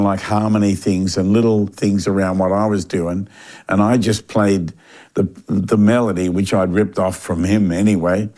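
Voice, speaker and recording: An older man, telling a long story in a relaxed interview, with lots of fillers and restarts. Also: on the low side. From Australia. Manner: animated anecdotal delivery with frequent fillers and restarts. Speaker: interview guest.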